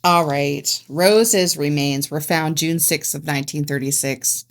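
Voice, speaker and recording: A woman with a very low voice reads true-crime case notes aloud on a podcast. She keeps it factual but stumbles and restarts on words now and then. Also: fairly even intonation, a little slow. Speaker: podcast co-host.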